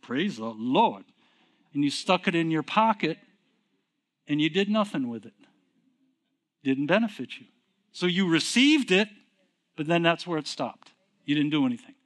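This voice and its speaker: A middle-aged preacher with a voice pitched a little higher than most men. He talks to the congregation conversationally and keeps throwing questions at them. He drops to quiet, low stretches and then rises to emphatic, forceful lines. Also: moderate pace. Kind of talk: sermon.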